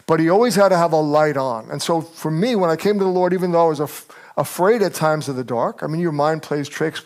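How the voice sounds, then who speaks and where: An older man preaching a sermon as pastor, telling stories with energy and acting out the people he quotes. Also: a little high. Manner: animated storyteller, acts out quotes.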